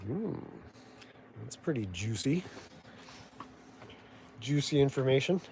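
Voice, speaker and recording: A man with a Canadian accent talking in a loose, meandering vlog style. His delivery is dry and sardonic, full of restarts and half-finished thoughts, at a mid-range pitch. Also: expressive, slow, darkish tone, a little hiss or hum. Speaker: vlogger. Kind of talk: rambling casual commentary.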